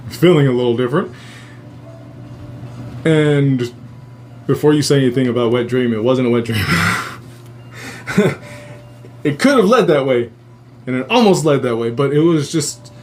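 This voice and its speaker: A man hosting a podcast, telling his own strange dream stories in a casual, profane, animated way and jumping into high voices when he quotes people. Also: slight background noise. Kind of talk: casual storytelling.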